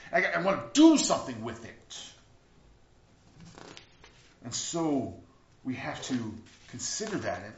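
A man preaching a sermon as a pastor, in an earnest manner that swings between loud, emphatic bursts and quiet, reflective stretches. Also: mid-range voice, a little hiss or hum. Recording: roomy, dull lo-fi recording.

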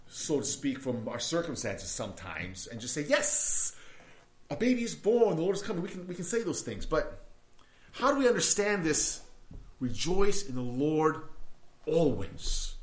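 A man's voice: a little high, reverberant. A man preaching a sermon to his congregation, talking conversationally with frequent restarts and rhetorical questions. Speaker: pastor.

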